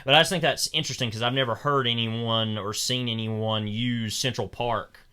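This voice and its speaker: A man's voice: mid-range voice, steady tone, moderate pace, bright, forceful tone, smooth. A young man co-hosting a podcast, talking through a film in a casual, rambling way with many fillers and restarts. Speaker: podcast co-host.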